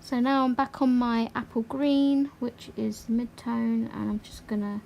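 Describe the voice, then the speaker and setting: Woman chatting away on a craft livestream, high-ish voice, bit rambly. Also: little pitch movement, creaky, darkish tone, a little hiss or hum. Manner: chatty and rambling, quick to laugh. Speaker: livestream host. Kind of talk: casual chat while colouring.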